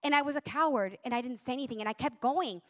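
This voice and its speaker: A woman with a high, light voice tells a personal testimony with strong emotion. She speaks intensely and drags out key words for dramatic weight. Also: quick pace.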